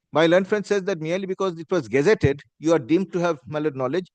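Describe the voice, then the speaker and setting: A man's voice: a little high, fast talker, hardly any pauses, a little mellow, no room sound. A man with an Indian English accent, an advocate making a formal courtroom argument and saying "my lord" again and again. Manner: formal, repeats "my lord" constantly. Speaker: advocate arguing before a judge.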